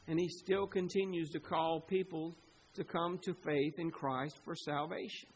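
High-voiced male preacher. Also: fairly even intonation, measured pace, slight background noise, rough recording. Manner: preaching with sudden loud emphatic bursts. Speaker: pastor. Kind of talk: sermon.

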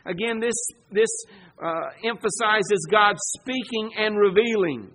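High-voiced, slow, emphatic male preacher. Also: slight background noise. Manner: emphatic, with rhetorical questions and swings between loud and hushed. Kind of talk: sermon.

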